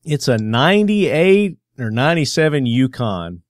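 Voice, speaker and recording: A man's voice: mid-range voice, sing-song, unhurried, slight background noise. A man with a Southern US twang hosting a podcast in casual chat, joking and laughing easily. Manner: laughing, joking, loose and chatty. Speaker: podcast host.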